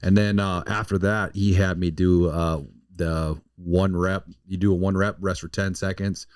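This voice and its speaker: Young male co-host with a cold, low register, loose and profane. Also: level tone, a little slow, clear, resonant tone, no echo, studio quality. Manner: rambling, profane, searches for words. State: has a cold. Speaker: podcast co-host. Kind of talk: casual chat.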